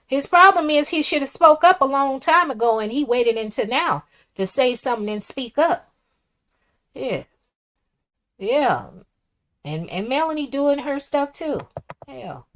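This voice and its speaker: Her voice sits high and animated, a little slow, with frequent pauses, as she hosts a livestream and reads viewer comments aloud. She reacts chattily in casual live commentary, alternating soft asides with loud exclamations.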